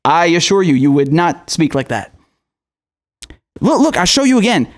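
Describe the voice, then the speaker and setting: Host, male, higher register; exasperated, swearing commentary rant. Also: sing-song, normal speed. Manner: profane, exasperated, sarcastic. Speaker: political commentator. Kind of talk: angry ranting commentary.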